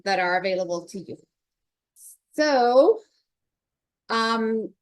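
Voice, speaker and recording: A woman's voice: mid-range voice, dry recording. Colombian-accented woman host, friendly presenter, dry close sound. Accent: Colombian Spanish. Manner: warm, welcoming, with many ums. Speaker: event host, vice president of investor group. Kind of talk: presentation to a live audience.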